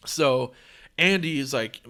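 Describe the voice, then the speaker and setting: A young man hosting a podcast, telling a story in a casual, profane, animated way. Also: medium pitch, takes it slowly. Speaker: podcast host.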